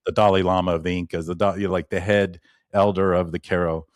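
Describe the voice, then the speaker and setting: A man with a deep, low voice speaks as a guest in a casual interview. He tells long, winding stories, restarts his sentences and drifts into asides, and he grows lively when he retells an anecdote. The sound is dry and close, with no room echo. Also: fast talker. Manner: rambling, with many restarts and asides. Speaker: shamanic practitioner guest.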